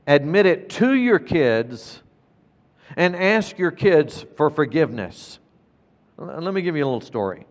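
Earnest pastor preaching in an echoing hall. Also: male voice, fairly high pitch, sing-song, unhurried. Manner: earnest, emphatic, repeats key points. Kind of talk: sermon. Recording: long reverb of a large hall.

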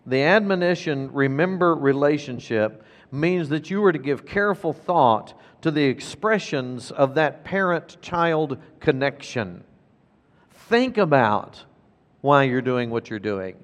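A man's voice: a little high, expressive, unhurried, in a large hall. A man preaching a sermon as pastor, emphatic and repeating key phrases for weight.

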